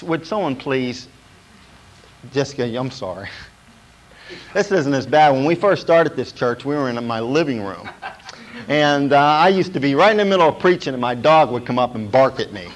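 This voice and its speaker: A man's voice: mid-range voice, animated, normal speed, a little hiss or hum, rough recording. A man preaching a sermon as pastor, emphatic and repetitive, often checking in with the congregation.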